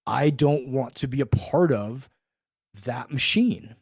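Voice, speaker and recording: A middle-aged man, a podcast guest, telling a story in a lively way, acting out the quoted dialogue and swearing freely. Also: medium pitch, slow, husky, no echo, studio quality. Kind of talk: storytelling in a conversational interview.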